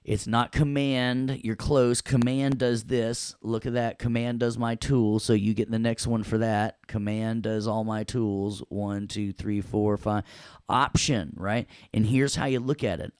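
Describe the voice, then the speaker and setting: A man's voice: mid-range voice, flat delivery, measured pace, a little mellow, smooth, no echo. A man from Tennessee with a Southern accent, teaching a casual class and joking as he goes. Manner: playful, jokey, makes sound effects. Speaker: instructor.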